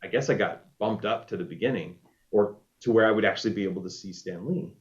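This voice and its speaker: A man, a former reality show contestant, casually telling a story in an animated way and acting out what people said. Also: on the low side, fast talker. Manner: animated storyteller, acts out quoted lines. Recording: dull lo-fi audio.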